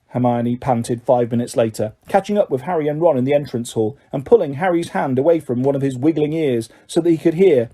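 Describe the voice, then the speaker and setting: A man reading a novel aloud as an audiobook narrator, in steady, measured storytelling. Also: medium pitch, breathy edge. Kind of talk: scripted narration.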